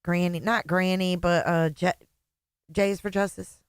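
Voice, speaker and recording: A woman's voice: lowish voice, steady tone, a little slow, smooth, no echo, studio quality. Sarcastic woman livestream host. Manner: sarcastic, mocking, laughs often. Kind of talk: casual livestream commentary.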